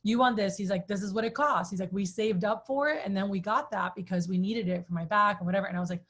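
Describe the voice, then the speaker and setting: Woman in her 30s telling a story to a room, lots of "like", lively, middling pitch. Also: fast talker. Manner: chatty, animated, says "like" often. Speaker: sales trainer. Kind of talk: storytelling talk to a group.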